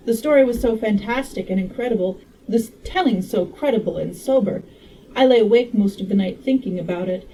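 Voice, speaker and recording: A woman reading a classic novel aloud in a casual style, steady but given to joking asides. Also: on the high side, far from the mic, slight background noise, poor audio. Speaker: audiobook reader. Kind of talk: casual read-aloud narration.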